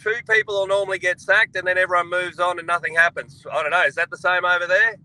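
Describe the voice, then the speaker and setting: A middle-aged man with an Australian accent chats about sport in a blokey way, calling everyone mate. His voice is very bright and sits a little high. He calls in by phone from a boat. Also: steady tone, fast talker, rough recording. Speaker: guest. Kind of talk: casual sports chat. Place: on a boat, outdoors. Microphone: phone or video call.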